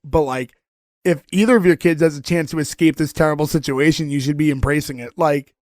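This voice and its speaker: Chatty man with a highish voice. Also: brisk, darkish tone, no echo, studio quality. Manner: rambling, filler-heavy retelling with many "like"s. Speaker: podcast co-host. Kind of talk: casual chat recapping a TV episode.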